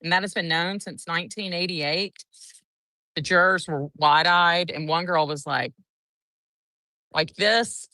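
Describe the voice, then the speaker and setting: A woman's voice: lowish voice, unhurried, pauses often, pushed and bright, no room sound, distant mic. A woman, casually recapping a trial day and acting out the quotes in a chatty, breathless way. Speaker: courtroom trial reporter.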